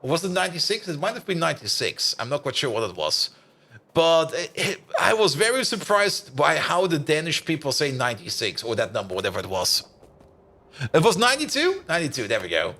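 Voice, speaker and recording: A man's voice: on the high side, very animated, brisk, bright, forceful tone. A man giving casual, rambling commentary as he streams a building game, thinking aloud and chatting with viewers, full of "like" and "uh". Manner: thinks aloud while building, answers chat.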